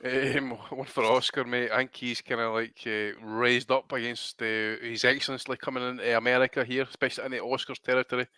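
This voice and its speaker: A man's voice: mid-range voice, level tone, fairly quick, few pauses, sharp tone, clear, resonant tone, no echo. A man co-hosting a podcast, bantering casually with lots of swearing, laughing, and "mate" and "aye". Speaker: podcast co-host.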